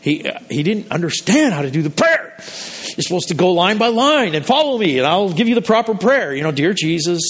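A man's voice: high voice, sing-song, a little fast, fairly bright tone. A man pastor preaching a sermon in a conversational, storytelling way, often restarting his sentences.

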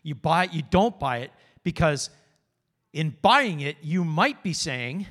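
Guy preaching in church, folksy and conversational, kinda high voice. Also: animated, a little slow, a bit bright. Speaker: pastor. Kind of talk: sermon.

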